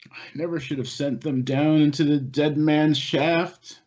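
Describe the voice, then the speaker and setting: A man voicing a remorseful, weepy mine boss who pleads in a high, drawn-out voice. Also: steady tone, darkish tone, highs cut off. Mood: guilt-ridden.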